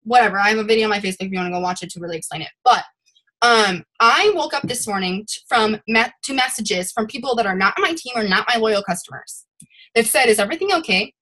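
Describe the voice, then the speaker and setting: A young woman leading her sales team over a video call, giving a rambling, animated motivational talk. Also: mid-range voice, quick pace. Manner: rambling and animated, admits to ranting.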